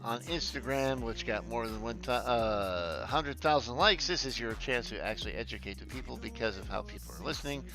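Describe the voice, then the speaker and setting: A male streamer in loose, casual chat, his voice bright and forward with lively swings in pitch. He laughs often, curses freely and trips over words as he reads text aloud. Faint music plays behind him. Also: brisk, hardly any pauses.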